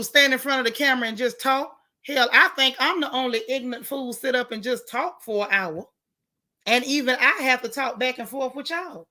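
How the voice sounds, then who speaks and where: A woman hosting a casual live stream, reading viewer comments and giving outspoken, animated reactions in colloquial talk. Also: fairly high pitch. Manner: outspoken, animated, colloquial, talks back to the chat.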